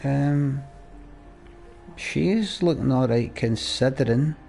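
A man's voice: medium pitch, takes it slowly, creaky, darkish tone, soft background music. A Scottish man chatting and ranting as he plays a game, swearing freely. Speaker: gamer. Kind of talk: let's play commentary.

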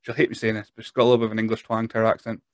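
A man in his thirties from northeast Scotland, with a Speyside accent, hosts a casual interview podcast, rambling and self-deprecating. His lowish voice is monotone, darkish and racing, recorded with no echo.

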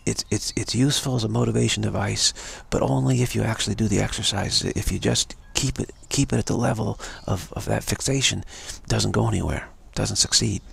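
A man speaks in a low, very raspy voice, giving an unscripted spiritual talk. He circles back on the same phrases again and again, the gravel never leaving his tone. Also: steady tone, a little fast, few pauses, a bit bright. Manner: repeats phrases over and over. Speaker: spiritual teacher. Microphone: livestream mic.

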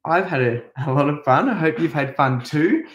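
A man's voice: on the high side, animated, lo-fi sound. A man with an Australian accent teaching a playful remote music lesson to young children, chatting and leading songs with actions. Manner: chatty, playful, sings and leads actions slowly. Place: echoey room. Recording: echoey room.

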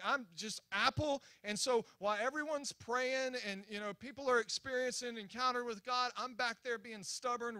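A young man preaching at a church, telling a story in an animated, excitable way with many restarts and acted-out quotes. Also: very high-pitched, dry recording. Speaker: guest preacher. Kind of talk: sermon storytelling. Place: church sanctuary.

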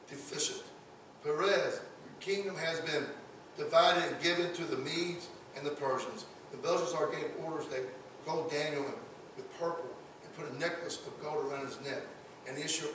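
This man, a pastor, preaches in a church sanctuary with a voice on the high side, and there's background noise. The recording is echoey and the mic is distant, while he speaks emphatically, repeating words again and again as a point takes shape.

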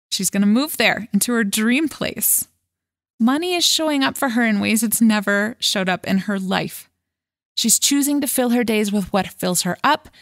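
A woman's voice: dry recording, clean studio sound. A woman hosting a motivational podcast as a life coach, talking in a casual, frank way and acting out worried thoughts with big swings in voice. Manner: lively and dramatic, acting out worried thoughts with swings in pitch and pace; casual and frank, with a chuckle now and then.

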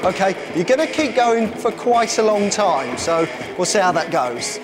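A man presenting a live science show on stage, energetically bossing volunteers around and shouting instructions. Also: high-pitched, sing-song, moderate pace, over music. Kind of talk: lively live science demonstration.

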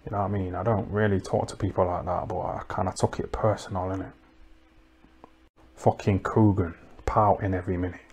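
A low-voiced man rambles through a comic monologue. He is deadpan and crude, and he keeps tossing tag questions at his listeners. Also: fairly quick, slightly rough, muffled recording. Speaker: comedic livestream host.

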